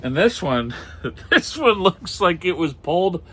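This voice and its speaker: A man's voice: high voice, big pitch swings, a little slow, fairly bright tone, slightly rough. A middle-aged man chatting casually as he shows off old pulp magazines, reading titles aloud with wry muttered asides. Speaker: comic and pulp collector. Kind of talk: casual show-and-tell chat.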